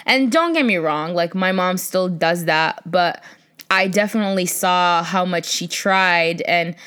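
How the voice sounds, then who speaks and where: A young woman from Iraq telling a story in casual, animated, profane chat. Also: fairly low pitch, unhurried, clean tone. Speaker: vlogger.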